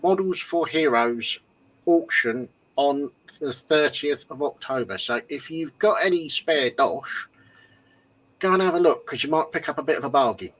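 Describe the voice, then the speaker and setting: A man co-hosting a casual livestream chat, relaxed, mostly giving short replies. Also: a little high, normal speed, rough recording. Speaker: livestream co-host.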